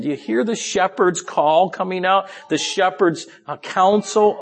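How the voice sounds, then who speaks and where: A man delivers a sermon in a fairly high voice. He moves between murmured side comments and raised, pleading emphasis. Now and then he stumbles over his words and apologizes for hurrying. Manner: swings from low quiet asides to raised pleading emphasis; restarts and apologizes for rushing. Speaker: preacher.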